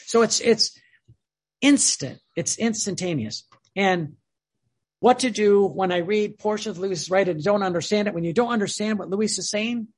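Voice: mid-range voice, breathy edge. A devotional speaker teaching about prayer in an informal, earnest way, often restarting and repeating phrases.

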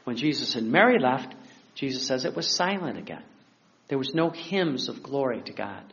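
A man's voice: medium pitch, lively intonation, normal speed, fairly bright tone. Man preaching on a lo-fi recording. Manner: conversational, acts out quotes, chuckles often. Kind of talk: sermon. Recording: dull lo-fi recording.

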